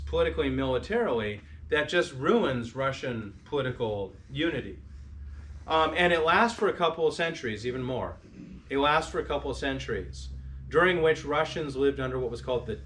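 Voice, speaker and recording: This man's mid-range voice has a bit of brightness, and a little hiss or hum sits under the recording. He is lecturing informally on history to a parish group in a hall or church, chatting, restarting and asking the audience questions.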